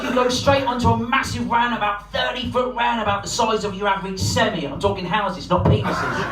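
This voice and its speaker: A man doing a stand-up comedy set, swearing freely and shouting out voices for his punchlines. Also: sits high. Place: comedy club stage. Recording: echoey room, from far off. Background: laughing audience.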